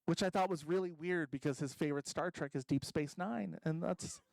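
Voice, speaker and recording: A man's voice: a little high, brisk, vocal fry, no echo, low-quality recording. A man doing a stand-up comedy set at a convention stage, rambling and self-deprecating, full of ums and restarts.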